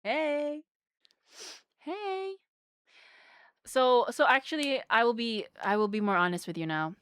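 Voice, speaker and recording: Bubbly woman streamer, casual live-stream chat, bright voice, dry close sound. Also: mid-range voice, lively intonation, brisk, clean tone, dry recording. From Philippines. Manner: bubbly, giggly, rambling with fillers.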